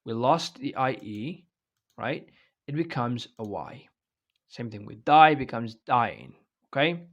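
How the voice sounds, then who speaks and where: A man's voice: mid-range voice, lively intonation, takes it slowly, highs cut off. Man, online grammar lesson, explanatory teacher, checks in with "right?". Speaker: English teacher.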